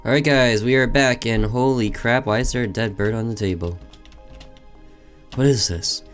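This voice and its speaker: A man's voice: mid-range voice, normal speed, faint music behind. Casual wisecracking man on gameplay. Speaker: gameplay commentator. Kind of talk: let's play commentary.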